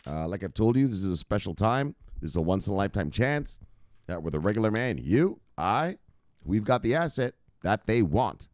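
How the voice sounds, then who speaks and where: A man with a low voice that swings up and down a lot talks through crypto market news in a casual, hyped way. He swears freely and jokes with his viewers. The sound is dry and close. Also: sing-song, normal speed, a little mellow, dry recording. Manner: hyped, profane, joking, talks straight to viewers. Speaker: crypto news show host.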